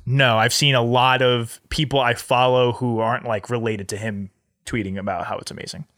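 A man co-hosting a podcast, telling stories quickly in casual chat, often laughing. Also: medium pitch, no room sound, studio quality. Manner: fast, animated storytelling with laughter.

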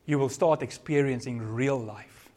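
A man pastor with a South African accent, preaching a sermon with earnest, varied loudness and closing in prayer. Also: mid-range voice, unhurried.

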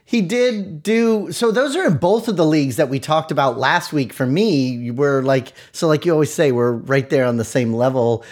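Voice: medium pitch, moderate pace, few pauses, a little mellow. A podcast host chatting casually about fantasy football, teasing the others and laughing often. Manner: giggly, teasing. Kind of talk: casual chat.

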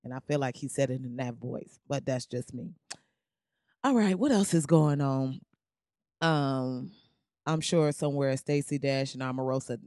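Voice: medium pitch, normal speed, darkish tone, no room sound, clean studio sound. A podcast host giving blunt, profane, sarcastic commentary in a loose ranting style, laughing at their own jokes. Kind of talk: casual opinion commentary.

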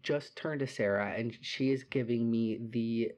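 There's no rush in this young man's mid-range voice as he casually recounts a story. His telling is lively and full of swearing, with quotes he acts out aloud.

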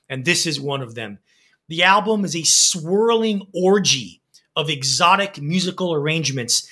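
Bright-voiced man enthusing over records. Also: high-pitched. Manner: enthusiastic, reads reviews with frequent laughs and ums. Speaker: podcast co-host reviewing albums. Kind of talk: casual music review chat.

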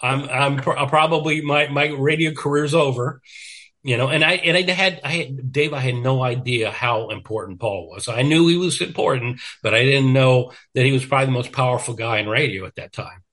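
A man's voice: medium pitch, a little fast, a bit bright. An older man, a radio programmer, telling stories in casual chat with plenty of fillers and restarts. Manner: rambling, many fillers and restarts, laughs while telling stories. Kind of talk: casual storytelling conversation.

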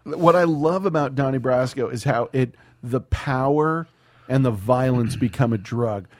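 A man co-hosting a podcast in casual chat, excitable and swearing a lot. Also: medium pitch, unhurried, dry recording, studio quality. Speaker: podcast co-host.

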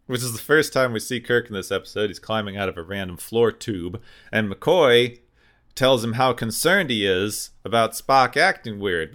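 A man's voice: medium pitch, pushed and bright. A man co-hosting a casual podcast, recapping a TV episode in long run-on sentences. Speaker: podcast co-host.

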